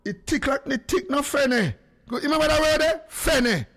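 A man with a Jamaican accent hosting a lively call-in radio show, talking in patois and breaking into sung lines. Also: very high-pitched, moderate pace, a little hiss or hum.

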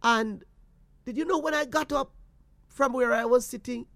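A man with a Jamaican accent, telling a personal story to his viewers in an animated way, slipping into patois and repeating phrases. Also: very high-pitched, normal speed, creaky, no echo.

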